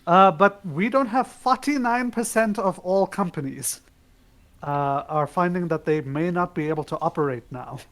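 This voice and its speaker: A man co-hosting a podcast, running through news stories in a wry, opinionated, relaxed way. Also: high-pitched, normal speed. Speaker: podcast co-host. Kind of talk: casual news chat.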